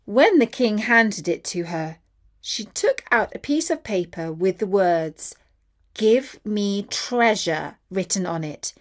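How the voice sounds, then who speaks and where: Slow, expressive woman storyteller. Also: mid-range voice. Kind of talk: children's story narration.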